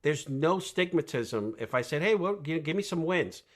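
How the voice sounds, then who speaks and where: A man talking as a guest coach on a podcast, energetic and emphatic, asking rhetorical questions and often tagging "right?" onto his points. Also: a little high, moderate pace. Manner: rhetorical questions, animated storytelling. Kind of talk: podcast conversation.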